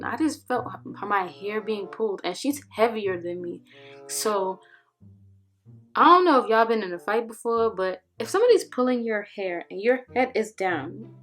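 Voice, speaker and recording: Young woman telling a lively, slangy story. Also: on the high side. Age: young adult. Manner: animated, slangy storytelling that acts out what was said. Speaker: vlogger. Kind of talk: casual storytime.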